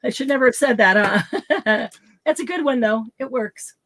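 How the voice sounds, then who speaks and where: A woman hosting a craft livestream in casual chat, bubbly and quick to laugh, greeting viewers by name. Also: a little high, fairly bright tone. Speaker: craft show host.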